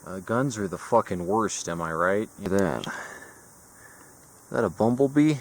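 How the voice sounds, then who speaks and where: A man's voice: lowish voice, animated, normal speed, slight background noise. A young man vlogging outdoors in a forest, talking into a camera in a rambling, sarcastic way and swearing freely. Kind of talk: casual vlog monologue. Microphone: camera mic.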